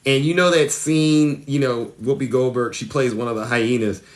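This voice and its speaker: A man hosting a satirical live stream, talking in a mock-earnest, animated way that rises excitedly as he retells stories. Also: mid-range voice, normal speed.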